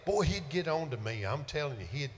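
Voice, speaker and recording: A man's voice: a little high, big pitch swings, brisk. An older man, a singer hosting a livestream show and telling folksy, joking stories between songs. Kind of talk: casual banter between songs. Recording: reverberant room with music.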